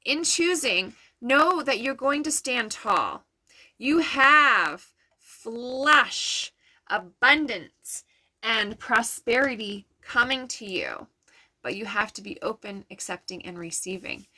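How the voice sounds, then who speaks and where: A woman doing intuitive readings for viewers on a live stream, in an affirming, chatty way with soft laughs. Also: a little high, expressive, slow pace. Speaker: intuitive reader.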